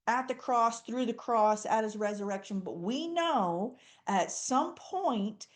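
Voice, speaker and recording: A woman leads a Bible study in a fairly high voice. She talks in a conversational way and often jumps into quoted dialogue, playing the speakers with bright energy. Her delivery stays warm and explanatory, like a teacher walking a group through a passage. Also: slow. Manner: animated, acts out quoted dialogue.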